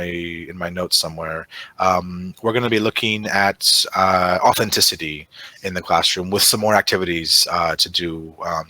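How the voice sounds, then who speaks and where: A man's voice: sits low, bright, forceful tone, dry recording. A man running an online teacher-training webinar, chatty, with many fillers and tag "right?" checks. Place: online video session.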